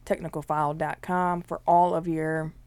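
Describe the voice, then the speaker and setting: A woman's voice: low voice, moderate pace, smooth. A woman co-hosting a podcast, telling stories in casual chat and acting out what people said. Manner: animated storyteller who acts out quotes. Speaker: podcast co-host.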